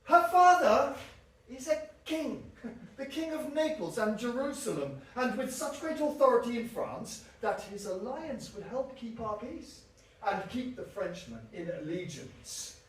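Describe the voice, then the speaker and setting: A man playing an ambitious, scheming nobleman on stage, declaiming his plans slowly and slyly. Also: extremely high pitch, animated. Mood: persuasive. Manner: declamatory, sly and plotting. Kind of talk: stage acting. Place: theatre stage. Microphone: distant camera mic. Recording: echoey theatre from far off.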